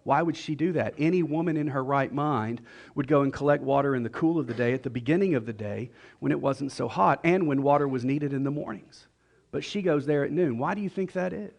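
Gravelly-voiced joking male pastor preaching. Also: mid-range voice, darkish tone. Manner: conversational and joking, with quick voiced asides. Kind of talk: sermon. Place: church.

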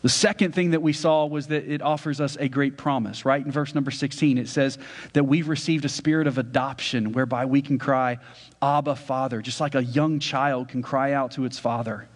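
A man's voice: medium pitch, fairly even intonation, moderate pace. A man preaching a sermon as a pastor, conversational, often checking in with his listeners. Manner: conversational preaching with frequent "right?" asides. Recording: church hall reverb.

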